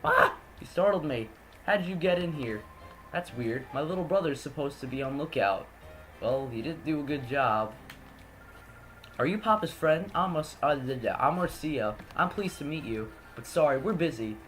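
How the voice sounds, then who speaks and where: Polite little game girl, pitched up, stammers a bit, as a man does her. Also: expressive, moderate pace, a little hiss or hum, natural voice.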